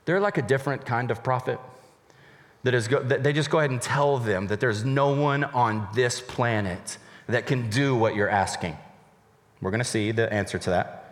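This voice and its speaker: A man's voice: medium pitch, moderate pace, long reverb tail. A male college pastor preaching a sermon, animatedly voicing the characters in casual paraphrase.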